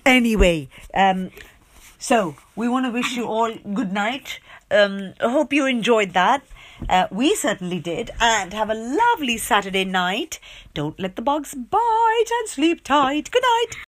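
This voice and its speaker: A woman chatting gently with her child over a bedtime storybook and patiently explaining what words mean. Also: a little high, big pitch swings, a little slow. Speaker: mother reading along with her child. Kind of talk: casual bedtime story chat.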